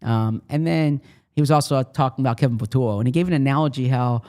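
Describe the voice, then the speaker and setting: A man's voice: mid-range voice, quick pace, darkish tone. Male podcast co-host, sports beat reporter, casual and rambling delivery. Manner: rambling, many restarts and fillers.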